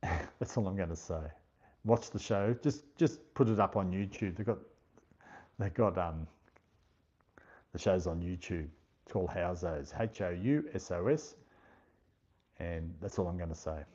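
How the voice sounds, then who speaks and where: Low, husky Australian man chatting. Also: measured pace, pauses often, dark tone, lo-fi sound. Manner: chatty and easygoing, laughs often, thanks viewers by name. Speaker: livestream host. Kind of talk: casual chat, reading viewer comments aloud.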